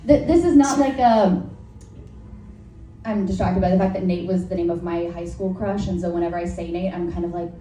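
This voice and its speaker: A woman's voice: fairly low pitch, a little fast, mellow. Rambling woman comic, distant roomy recording. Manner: rambling, self-interrupting, laughs at own jokes; frank, crude, filler-heavy. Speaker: stand-up comedian. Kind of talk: stand-up set, work in progress. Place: live comedy venue with audience. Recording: roomy, distant live recording with faint noise.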